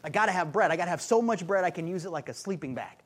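A man's voice: high-pitched, expressive, breathy edge. A man playing a panicky shopper who rambles about hoarding bread and bottled water before a storm. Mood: frantic. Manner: frantic, rambling, rapid-fire.

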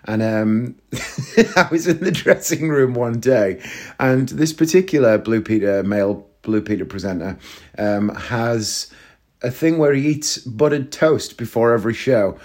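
A man in his thirties, an actor who hosts a solo comedy podcast, delivers a casual comedic monologue in a mid-range, darkish voice. He rambles through stories in a self-deprecating way.

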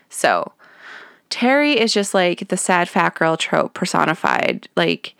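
A young woman with a fairly low, smooth voice hosts a podcast in a sarcastic, casual way. She chats loosely with plenty of "like" fillers and jumps into higher voices to quote characters. The sound is close and dry. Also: fairly bright tone, dry recording. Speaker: podcast host. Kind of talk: casual chat recapping a TV show.

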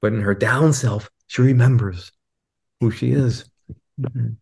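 A man appears as a guest teacher in a reflective podcast conversation, an animated storyteller who acts out quotes in a raised voice. His voice is mid-range, gravelly, and husky, and he speaks a little slowly.

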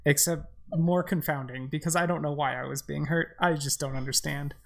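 Low, gravelly woman commentating a game. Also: steady tone, normal speed. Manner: chatty, exasperated, jokey. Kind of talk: casual co-op gameplay commentary.

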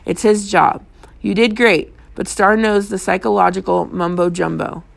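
A woman's voice: mid-range voice, steady tone, moderate pace, gravelly. A woman reading an audiobook, voicing a young man who talks in a soothing, easygoing way.

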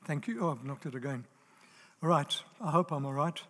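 High-voiced preacher in an echoing hall. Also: male voice, brisk, a bit bright, husky. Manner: emphatic, repeats key phrases, asks the audience if they are there. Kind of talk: sermon. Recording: long reverb of a large hall.

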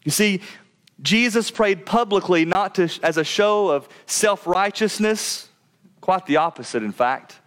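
A man preaching a sermon as pastor, pressing his points with emphasis, then dropping low and soft on key phrases, and sometimes stumbling over repeated words. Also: lively intonation, measured pace. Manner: repeats words when speeding up.

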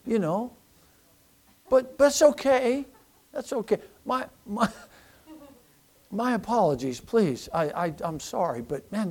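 A man preaches to his congregation in church, his voice sitting high for a man. He talks in a folksy way, tripping over repeated words as he restarts his sentences. He swings from loud emphasis to quiet, hushed asides. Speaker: pastor. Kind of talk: sermon.

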